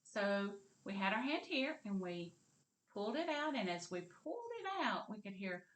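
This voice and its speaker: A woman's voice: mid-range voice, big pitch swings, moderate pace, a bit bright. A woman teaching a kindergarten literacy lesson. She talks patiently and encouragingly and stretches out the sounds and words she models. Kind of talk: slow, clearly modeled lesson for young children.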